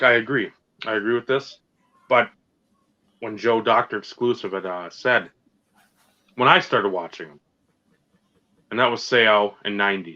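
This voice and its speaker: A man co-hosting a podcast, talking casually and ranting with plenty of swearing. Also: medium pitch. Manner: animated, profane ranting. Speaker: podcast co-host. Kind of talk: casual sports and hobby chat. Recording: slightly dull lo-fi sound.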